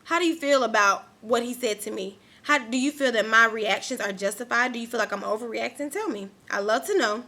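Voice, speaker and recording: A woman's voice: on the high side, brisk, hardly any pauses, pushed and bright. A young woman vlogging an angry rant to her camera, emphatic and repeating herself.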